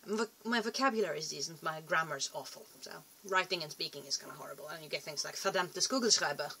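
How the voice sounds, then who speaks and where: Rambling woman vlogger, lowish voice. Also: quick pace, creaky, sharp tone. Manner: chatty, rambling, self-deprecating, trails off and restarts. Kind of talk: rambling casual vlog.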